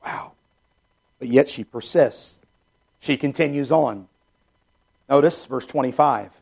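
A man preaching a sermon in an earnest, repetitive way, dropping soft and low when he voices a prayer. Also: slow pace, gravelly, husky.

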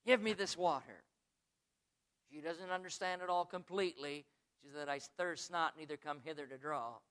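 A man preaching a sermon, swinging from quiet asides to loud, high, drawn-out emphasis, who says he is from the United States. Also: fairly even intonation, clean tone.

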